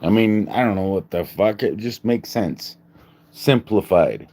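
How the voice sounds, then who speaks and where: A man's voice: lowish voice, expressive, measured pace, mellow. A man hosting a livestream, rambling in a joking, casual way, laughing often and swearing. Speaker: livestream host. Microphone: phone.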